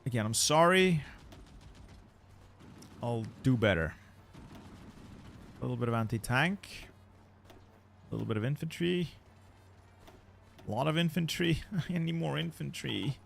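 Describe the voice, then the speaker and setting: A man's voice: medium pitch, expressive, unhurried, vocal fry, pauses often, slight background noise. A man commentating his strategy game play, exasperated and swearing as he rants about losing. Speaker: gaming channel host.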